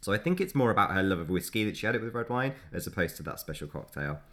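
Male podcast co-host, very low voice, relaxed explanatory storyteller. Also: fast. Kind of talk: casual history chat.

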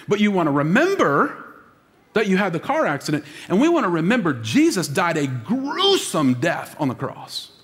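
Pastor guy preaching, pitch all over the place, lots of hall echo. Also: sing-song, moderate pace. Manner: dramatic preaching, drops to a hush for emphasis; acts out quoted voices. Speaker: lead pastor. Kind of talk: sermon. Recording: long reverb of a large hall.

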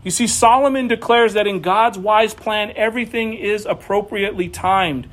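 A young man delivers a sermon in a very high voice. His preaching is animated and swings between quiet passages and sudden raised bursts. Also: normal speed. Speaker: pastor.

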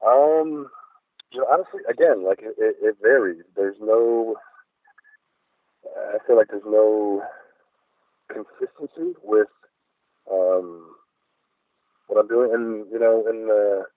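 A man's voice: fairly low pitch, lively intonation, a little slow, long pauses, no echo. A middle-aged man, a guest artist, chatting in a reflective, rambling way with many fillers. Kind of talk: casual interview chat. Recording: phone-like dry line.

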